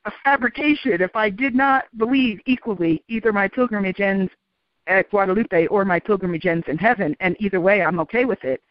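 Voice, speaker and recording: A woman telling a story as an interview guest, calm and animated, often laughing. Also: mid-range voice, fairly quick, no echo. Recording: dull, dry radio sound.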